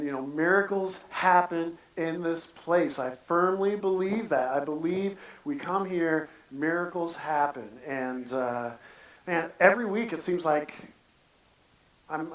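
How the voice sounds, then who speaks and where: A man giving a casual, earnest church sermon, talking in halting bursts full of restarts. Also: on the high side. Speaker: preacher. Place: church sanctuary. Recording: echoey church sanctuary from a distance.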